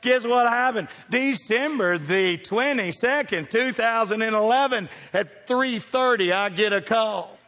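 A pastor tells a funny story from the pulpit, his voice pitched high for a man. He drops into quiet asides and then bursts out loud, playing to the congregation. His words ring out with a long reverb through a large church sanctuary. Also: a little slow, few pauses. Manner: animated, jokey, jumps from hushed asides to loud calls. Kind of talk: humorous storytelling sermon.

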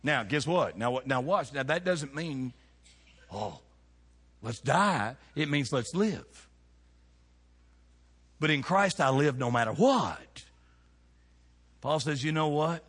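A middle-aged man preaching a folksy, animated sermon, firing rhetorical questions at his congregation. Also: a little high, slow pace, pauses often, husky. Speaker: pastor. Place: church sanctuary. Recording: long reverb of a church hall.

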